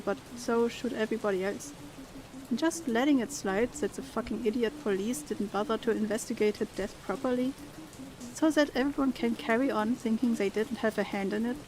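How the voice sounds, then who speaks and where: A young woman, her voice sitting a bit high, plays through a story game. She reads each character's lines aloud with feeling and slips easily into relaxed chat with her viewers. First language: German. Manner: reads dialogue expressively, then chats casually. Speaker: streamer. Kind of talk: let's play, reading game dialogue aloud and chatting with viewers.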